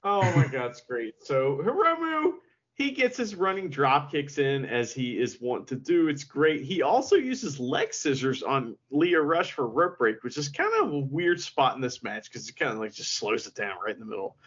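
Podcast co-host guy, cussing a lot, pitch all over the place, kinda lo-fi sound. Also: moderate pace, slightly rough. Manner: profane, animated retelling with quoted asides. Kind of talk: casual chat recapping wrestling.

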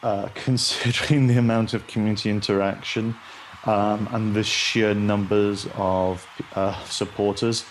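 Man, low-pitched, slow pace, playful casual podcast chat. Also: slight background noise. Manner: playful, swearing, rambling with many fillers. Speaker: podcast co-host.

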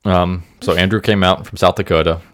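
A man's voice: sits low, fairly even intonation, a little fast, fairly bright tone, no echo, clean studio sound. A man co-hosting a podcast, casually recounting a true-crime story and often stumbling over his words with self-deprecating asides. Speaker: podcast co-host. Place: Indiana.

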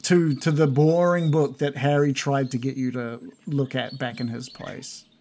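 A man narrating a tabletop game as game master, unhurried and full of fillers. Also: medium pitch, a little hiss or hum. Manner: relaxed, with many fillers.

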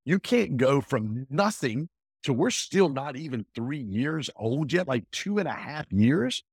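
A man talking as an entrepreneur guest in a casual interview, emphatic and energetic, often repeating himself. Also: mid-range voice, a little slow, husky, no echo, studio quality.

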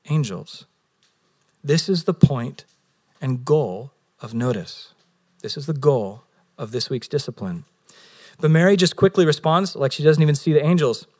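Male pastor, sermon delivery, earnest and heartfelt, middle-pitched voice, swings between emphatic and hushed. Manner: earnest, rises for emphasis and drops low and slow on key words. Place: San Diego.

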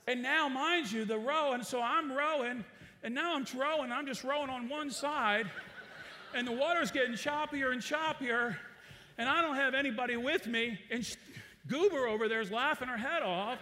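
A man's voice: very high voice, moderate pace, bright, forceful tone, big-room sound, slight background noise. A man preaching a sermon, telling a story with energy and calling on the congregation to respond. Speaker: pastor.

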